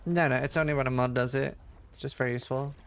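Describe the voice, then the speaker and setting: A man's voice: mid-range voice, steady tone, fast, creaky, clear, resonant tone. Casual Norwegian man chatting on stream. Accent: light Norwegian. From Norway. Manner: rambling, filler-heavy, playful accent imitations. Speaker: game streamer. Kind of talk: casual chat with chat readers while gaming.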